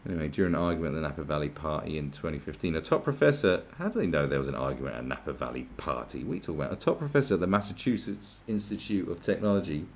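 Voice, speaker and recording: A man's voice: very deep voice, animated, rapid-fire, hardly any pauses, a little hiss or hum. A man ranting sarcastically as a podcast host, swearing often and sounding exasperated. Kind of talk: ranting commentary.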